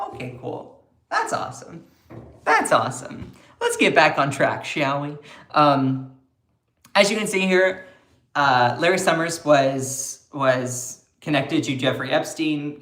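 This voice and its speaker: A man's voice: mid-range voice, fairly bright tone, echoey room. A man doing casual political commentary on a livestream, chatty and sarcastic as he answers comments from his chat.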